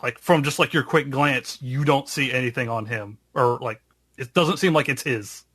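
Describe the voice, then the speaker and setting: A man narrating as game master in a tabletop game, halting, with many fillers. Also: mid-range voice, a bit bright, husky, no echo.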